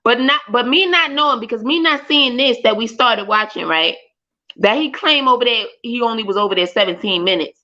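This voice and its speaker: A woman's voice: on the high side, a little fast. A woman, hosting a livestream and talking animatedly, with lots of swearing and exclamations. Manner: animated and profane, loud exclamations, laughs. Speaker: livestream host. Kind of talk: casual streamer chat. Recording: dull lo-fi stream audio.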